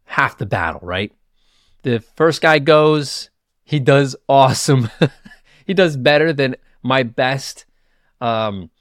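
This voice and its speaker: A man hosting his own podcast, telling a personal story in a casual, animated way, laughing at himself and stumbling over quick restarts. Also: medium pitch, dry recording, studio quality. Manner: animated, self-mocking, quick bursts with stammered restarts. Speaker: podcast host.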